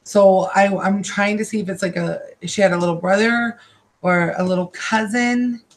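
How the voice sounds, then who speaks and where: Halting, emotional woman giving a psychic reading. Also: mid-range voice, fairly even intonation. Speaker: psychic card reader. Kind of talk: live-streamed psychic reading. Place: her own room.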